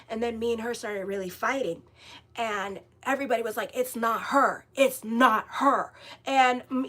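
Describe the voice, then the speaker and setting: A woman astrologer telling a story in a casual, animated way, blunt and swearing freely as she rambles. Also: a little high. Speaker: astrologer and tarot reader.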